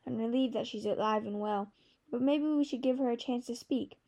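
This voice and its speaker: Woman reading a calm, firm eldest prince; mellow tone. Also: fairly high pitch, a little fast.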